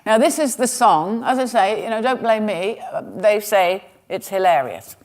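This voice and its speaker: On a museum stage, a woman comedian tells a history story as stand-up, dropping in wry, sarcastic asides. Her voice is medium-pitched and somewhat dark, with lively intonation and a moderate pace.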